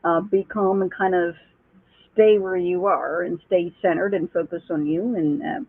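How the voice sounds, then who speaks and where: A woman calmly lays out a rune reading in a reassuring way. Her voice comes through husky and tinny, like a phone line, and dry with no room sound. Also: fairly low pitch, no echo. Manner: calm, reassuring, explains slowly. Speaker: psychic rune reader.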